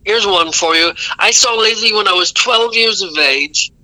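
A man's voice: sits high, normal speed, sharp tone, dry recording, low-quality recording. A man telling rambling, self-correcting stories as an interview guest. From Ireland. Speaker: guest musician. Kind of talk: casual storytelling interview.

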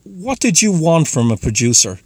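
A man's voice: fairly high pitch, very animated, normal speed, no echo. Man asking probing interview questions, dry sound.

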